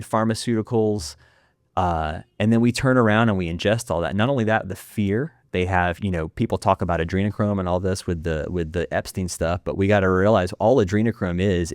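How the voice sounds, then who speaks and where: A man, a filmmaker guest on a podcast, talking intensely in rapid bursts with frequent restarts. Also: fairly low pitch, darkish tone, no echo, clean studio sound. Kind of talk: impassioned podcast interview.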